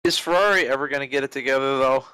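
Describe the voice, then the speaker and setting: A man's voice: medium pitch, fast, sharp tone, smooth, no echo, rough recording. A man co-hosting a casual motorsport chat, tossing in wry, joking asides. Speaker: motorsport show co-host.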